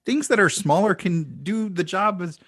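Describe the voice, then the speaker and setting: A man's voice: high voice, big pitch swings, quick pace, fairly bright tone, husky, heavily acted. A man voicing an overly polite, apologetic Canadian man, hesitant and full of folksy asides, as a comic bit in a podcast chat. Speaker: podcast co-host. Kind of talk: comic impression in casual chat.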